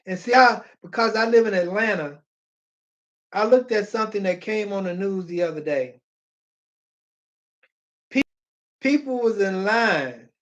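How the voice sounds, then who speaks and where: Emphatic preacher, lo-fi recording. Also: mid-range voice. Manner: emphatic, pleading, with repeated phrases and bursts of shouting. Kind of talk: sermon with scripture reading.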